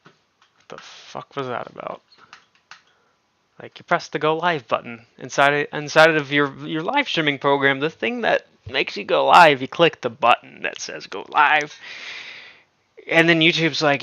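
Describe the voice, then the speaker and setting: A man's voice: fairly high pitch, unhurried, vocal fry, bright, forceful tone, no echo, highs cut off. A man hosting a casual livestream, chatting offhandedly with viewers and swearing freely. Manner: profane, offhand, talks to chat. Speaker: livestream host.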